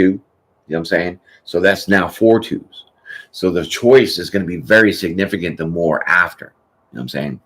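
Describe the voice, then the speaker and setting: Low-voiced guy doing a laid-back tarot q&a, rambly and chatty. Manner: chatty, rambling, frequent "you know what I'm saying". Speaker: tarot reader host. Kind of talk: casual live Q&A chat.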